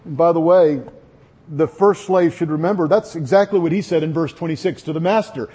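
A man delivering a sermon, speaking earnestly and conversationally to his listeners. His voice sits a little high for a man and has a husky grain to it. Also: fairly quick, warm tone. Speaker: pastor.

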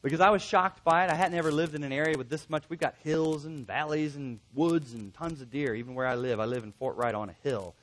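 A man's voice: fairly high pitch, fairly quick, hardly any pauses, a bit bright, low-quality recording. A middle-aged male pastor preaching a sermon in an earnest, emphatic way, acting out bits of conversation.

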